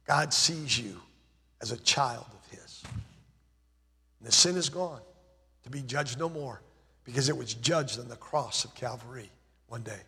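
A man preaching a sermon with impassioned delivery, his voice dropping low and soft on key phrases. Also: a little slow, creaky, long pauses, breathy edge, long reverb tail.

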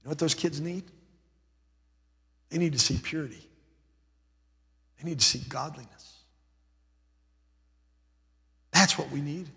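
A man's voice: on the high side, measured pace, gravelly, long pauses, bright, forceful tone, slightly rough, long reverb tail. A male pastor preaching a sermon, emphatic, building his points through rhythmic repeated lists.

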